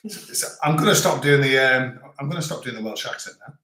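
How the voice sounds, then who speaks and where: Male live-chat host, medium pitch, chatty and joking, echoey home room. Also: normal speed, bright, forceful tone. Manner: chatty, rambling, joking, many restarts. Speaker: livestream host. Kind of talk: casual live chat reading viewer comments.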